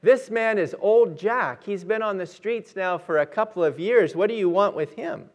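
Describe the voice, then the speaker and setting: A man's voice: sits high, moderate pace. Man reads a helpful, matter-of-fact policeman. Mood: plain.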